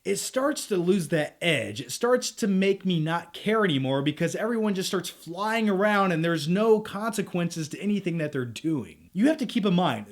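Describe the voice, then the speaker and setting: A young man reviews a film straight to camera in a casual, chatty way and drops in jokey asides. His voice sits high for a man. It swings widely in pitch as he talks. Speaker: movie reviewer, channel host.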